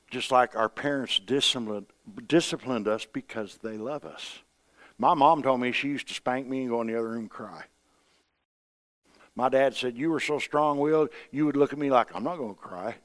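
Middle-aged male preacher, medium pitch, down-home sermon delivery with loud emphatic swells. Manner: folksy, swings between loud emphatic bursts and quiet asides.

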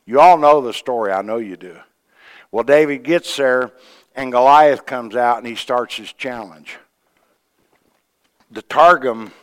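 A man's voice: medium pitch, a bit bright, smooth, long reverb tail. A man preaching a sermon, retelling a scripture story in a folksy way with quoted voices and asides to the church. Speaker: pastor.

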